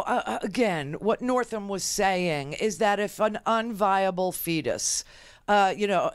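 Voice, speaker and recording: Indignant woman radio host, smooth dry voice. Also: mid-range voice, no room sound. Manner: indignant, emphatic, with many fillers and restarts. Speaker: radio talk show host. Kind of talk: opinionated political commentary.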